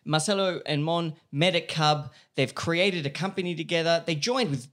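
A man's voice: fairly high pitch, moderate pace, fairly bright tone. An upbeat man hosting a podcast in a chatty, casual way, laughing often. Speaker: podcast host. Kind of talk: casual chat.

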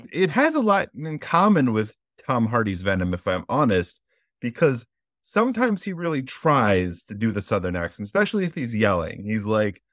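A man hosting a casual movie podcast, joking and animated as he introduces a guest. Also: mid-range voice, moderate pace, no room sound, studio quality. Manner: animated and joking, acts out quotes. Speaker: podcast host.

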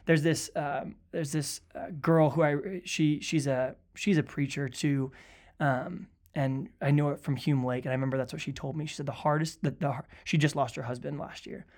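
A man who is a pastor and is grieving, talking earnestly in a conversational podcast, sometimes dropping to a hushed voice to quote others. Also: fairly high pitch, steady tone, normal speed.

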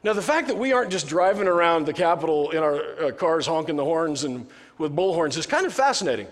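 A man's voice: fairly high pitch, big pitch swings, a little fast, long reverb tail. A male pastor giving a sermon in a conversational, joking way, often restarting his sentences.

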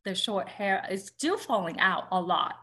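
A woman's voice: mid-range voice, expressive, a little slow, bright, forceful tone. A woman in her thirties, a podcast guest, talking openly and casually with lots of "like" and "you know". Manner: open, chatty, frequent "like" and "you know". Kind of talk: casual interview talk.

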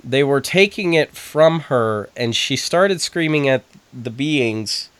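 A man with a smooth, resonant voice in a casual podcast chat. He explains in a measured way, and the sound is dry and close. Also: medium pitch, expressive, a bit bright, dry recording.

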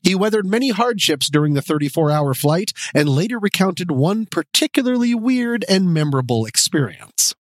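High-voiced jokey male podcast host. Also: very animated, dry recording, studio quality. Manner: jokey, laughing at himself, quick bursts. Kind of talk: comedic podcast chat.

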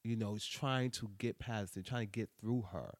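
A man's voice: on the low side, normal speed, dry recording. A man, a cast member, talking casually and reflectively about his scene. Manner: reflective, emphatic. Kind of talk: casual chat.

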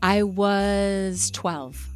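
A woman's voice: mid-range voice, extremely slow, faint music behind. A woman co-hosting a podcast, telling a personal story in casual chat and acting out her parents' lines. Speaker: podcast co-host.

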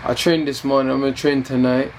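Easygoing guy boxer, teasing, rambles, mid pitch, bit of hiss behind. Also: flat delivery, quick pace, low-quality recording. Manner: laid-back, teasing, rambling. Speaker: boxer being interviewed. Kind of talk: casual fight-week interview.

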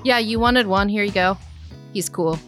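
A woman's voice: medium pitch, moderate pace, a bit bright, soft background music. A woman playing a tabletop game, speaking in character in a brash, offhand way. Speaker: player.

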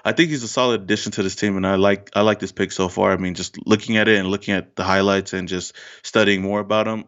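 A man's voice: lowish voice, steady tone, quick pace, a bit bright, dull audio. A man co-hosting a casual sports podcast, often laughing as he talks. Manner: laughs often while talking. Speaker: podcast co-host.

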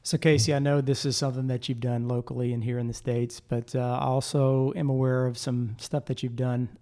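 Male co-host, mellow, even-toned interviewer, easygoing. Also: mid-range voice, a little fast. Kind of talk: casual interview.

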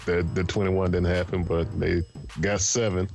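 A man co-hosting a casual sports chat, easygoing and quick to laugh. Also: deep voice, little pitch movement, vocal fry, darkish tone, faint music behind. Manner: slow, easygoing, laughs often. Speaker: co-host.

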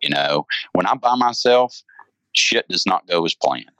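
Lively, bright blunt-talking man. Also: deep voice, unhurried, dry recording, poor audio. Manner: blunt, profane, laughing. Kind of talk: casual podcast chat.

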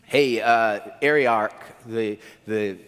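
A man pastor preaching a sermon, telling the story in an animated way and acting out the quotes. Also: takes it slowly, smooth, in a large hall. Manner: animated storytelling, acts out quotes with swings in pitch.

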